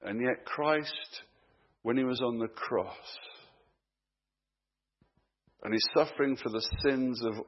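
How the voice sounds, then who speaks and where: A man with a mid-range voice preaches a sermon, shifting between hushed, slow emphasis and raised, urgent questions aimed at his listeners. The audio sounds dull.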